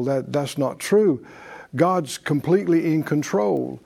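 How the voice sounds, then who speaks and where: A man's voice: fairly high pitch, a little slow, gravelly, a little mellow. A man teaching a faith class in a conversational sermon style, with frequent fillers and restarts, leading his audience in call-and-response.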